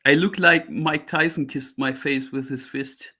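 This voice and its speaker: A man appearing as a guest on a livestream, chatting in a dry, joking, low-key way while feeling unwell. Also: fairly even intonation, measured pace, bright, forceful tone, slightly rough. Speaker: show guest. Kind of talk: casual livestream chat.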